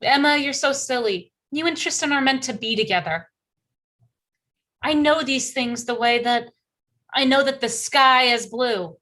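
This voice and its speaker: A woman's voice: sits high, measured pace, bright, forceful tone. An actress playing a bubbly, bossy 1950s teen girl best friend, talking in a chirpy, pushy way in a live improv comedy scene. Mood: coaxing.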